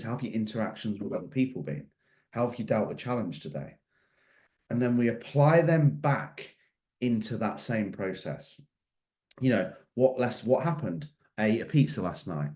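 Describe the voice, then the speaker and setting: Recorded in a room with noticeable echo, a middle-aged man delivers a motivational mindset talk as a coach. His voice is on the low side and mellow, and he speaks emphatically, fond of asking the same questions repeatedly.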